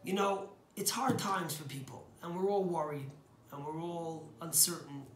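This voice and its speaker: A man's voice: fairly high pitch, moderate pace, fairly bright tone, reverberant, a little hiss or hum. A man giving a short inspirational sermon as a rabbi, telling stories earnestly and stressing key words.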